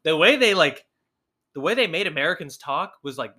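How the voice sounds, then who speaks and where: Bright, lively young man co-hosting a podcast. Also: fairly high pitch, brisk. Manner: excitable, swears freely, heavy filler "like". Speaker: podcast co-host. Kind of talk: casual chat.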